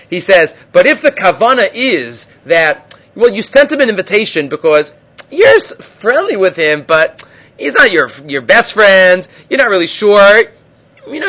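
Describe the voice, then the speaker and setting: A man teaching a Talmud class, retelling stories animatedly with frequent Hebrew and Aramaic terms and quick asides. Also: high voice, fairly bright tone. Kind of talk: Talmud lecture with storytelling.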